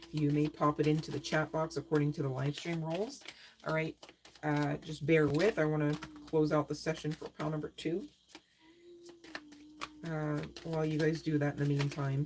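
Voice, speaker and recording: A woman's voice: sits low, darkish tone, slight background noise. A woman doing a live-stream tarot reading, talking straight to viewers in a chatty way, often asking "right?" and laughing. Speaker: tarot reader.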